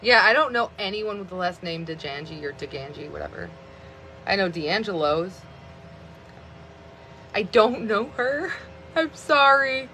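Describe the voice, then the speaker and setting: Bright chatty woman around 30 on a phone live stream, rambles on, like, a lot. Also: on the low side, lively intonation, moderate pace, long pauses, a little hiss or hum. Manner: rambling, chatty, many fillers of "like". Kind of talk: casual live stream chat.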